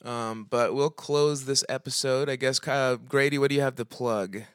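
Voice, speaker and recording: A man's voice: medium pitch, steady tone, moderate pace, clear, resonant tone, no echo, clean studio sound. A man hosting a casual comedy podcast, playful and laughing often. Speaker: podcast host.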